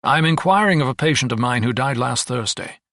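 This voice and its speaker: A man's voice: mid-range voice, expressive, fairly quick, fairly bright tone, no echo, clean studio sound. A man reading a tense, determined male doctor who speaks in a clipped, controlled way.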